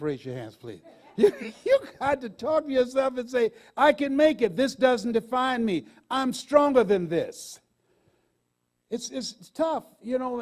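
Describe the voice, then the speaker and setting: High-voiced man in his sixties, exclaiming on stage. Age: 60s. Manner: animated, laughing often, exclamatory. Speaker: motivational speaker. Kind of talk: live motivational speech. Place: stage before a live audience.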